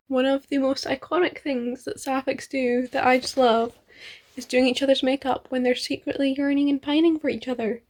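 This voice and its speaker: A woman's voice: high-pitched, level tone, moderate pace, a little mellow. A young woman vlogging about her reading, chatty and gushing, with lots of fillers and little laughs. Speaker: book vlogger. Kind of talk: casual reading vlog.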